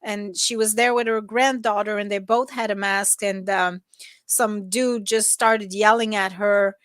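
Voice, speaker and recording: Relaxed rambling woman co-host, dry sound. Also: mid-range voice, a little slow, dry recording. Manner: rambling, relaxed, many restarts and fillers. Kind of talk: casual chat.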